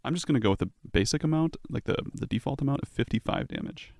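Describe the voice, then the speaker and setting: A man's voice: mid-range voice, expressive, fast talker, vocal fry, darkish tone, dry recording, studio quality. A man running a tabletop game as game master, narrating the scene in a loose, descriptive way.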